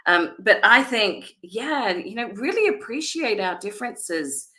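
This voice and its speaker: Woman panel guest, encouraging, crisp bright tone, medium pitch. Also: big pitch swings, unhurried. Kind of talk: live panel conversation. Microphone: video call.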